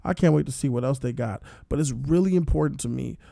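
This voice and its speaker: A man giving a casual spoiler review, excitable and profane, breaking into loud outbursts. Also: medium pitch, quick pace, gravelly, no room sound, clean studio sound. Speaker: show reviewer.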